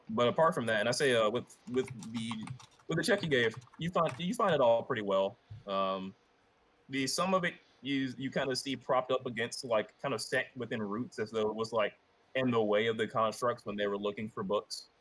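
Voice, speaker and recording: A man's voice: medium pitch, normal speed, a bit bright. A man running a tabletop game as game master, describing the scene hesitantly with many ums and kindas.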